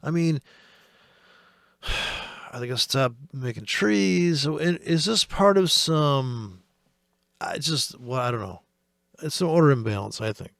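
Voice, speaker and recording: A man's voice: mid-range voice, expressive, slow, gravelly, pauses often, fairly bright tone, dry recording, studio quality. A man from the United States giving rambling, profane, sarcastic commentary on the markets as host of a trading channel.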